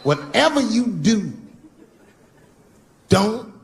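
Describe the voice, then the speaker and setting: A male stand-up comedian performing a live set, telling stories with sudden high exclamations and mock voices. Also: big pitch swings, very slow, gravelly. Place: live comedy venue with laughing audience. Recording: live stage recording with noisy ambience.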